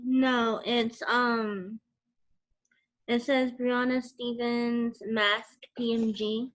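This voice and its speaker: A woman's voice: on the high side, level tone, very slow, highs cut off. A woman student presenting her artwork in class, hesitant and full of fillers, over a video call. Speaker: art student.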